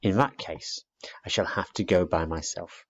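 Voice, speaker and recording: A man voicing a calm father barn owl in a storybook reading, dull lo-fi recording. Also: deep voice, normal speed.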